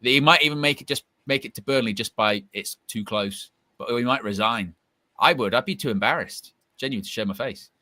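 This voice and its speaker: A man co-hosting a live football fan stream, reacting loudly and reading out viewer super chats. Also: mid-range voice, dry recording. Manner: animated, sweary, quick reactions. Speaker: fan channel co-host.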